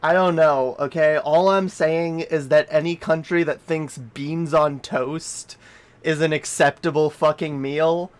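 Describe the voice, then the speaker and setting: A man from Canada rants on a livestream in slow, drawn-out sentences that are full of swearing and restarts. His voice sits a little higher than a typical man's. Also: steady tone, clear, resonant tone. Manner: profane, rambling rant. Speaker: streamer. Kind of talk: casual livestream chat.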